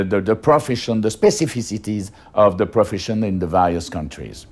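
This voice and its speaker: Slow, low-voiced Frenchman. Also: a little mellow. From France. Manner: hesitant, restarts often with fillers. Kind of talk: interview testimony.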